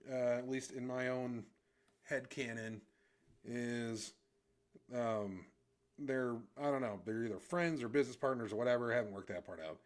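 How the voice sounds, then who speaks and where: Casting: a male art streamer, offhand and thinking aloud, who mutters when he is focused. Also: mid-range voice. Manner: rambling, self-deprecating, thinks aloud. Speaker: livestreamer drawing comics. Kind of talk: casual chat while drawing.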